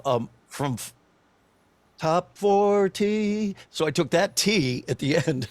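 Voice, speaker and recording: A man in his sixties, a voice actor and former radio DJ, telling a story as a podcast guest in an animated way, chuckling and slipping into other voices. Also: fairly high pitch, no room sound. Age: 60s.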